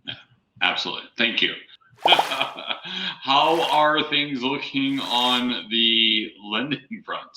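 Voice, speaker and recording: A man at a middle pitch hosts a webinar in a relaxed way. His voice rings in a roomy space. Clear background noise sits under it. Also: slow pace. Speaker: host. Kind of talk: webinar hosting.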